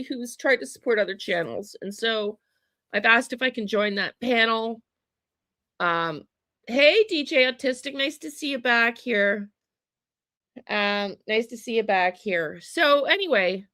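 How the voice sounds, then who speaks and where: A woman's voice: on the high side, pushed and bright, dry recording. A woman hosting a true crime livestream, chatting casually with viewers, greeting them by name and laughing often.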